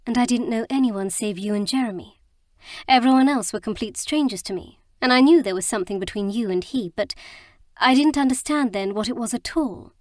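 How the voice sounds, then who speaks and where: A woman voicing an earnest, emotional young bride in an audiobook, speaking in a halting, heartfelt way. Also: a little high, a little mellow, no room sound, clean studio sound, lightly acted. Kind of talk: audiobook character reading.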